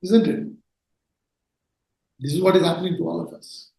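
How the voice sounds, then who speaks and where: A man's voice: a little high, fairly even intonation, normal speed, vocal fry, darkish tone. A man giving a spiritual discourse on scripture, earnest and emphatic, and he often asks rhetorical questions. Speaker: spiritual teacher. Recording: very echoey room.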